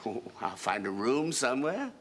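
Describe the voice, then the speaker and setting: An actor playing a gentle, timid elderly man who speaks politely and hesitantly, in a 1970s sitcom. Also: mid-range voice, sing-song, normal speed, slight background noise, lightly acted. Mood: meek. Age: older. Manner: hesitant, polite, soft-spoken.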